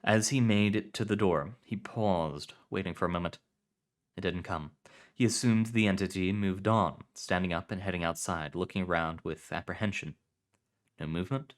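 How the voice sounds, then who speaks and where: A man reading fiction aloud in a calm, measured, low-key narration. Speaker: story reader.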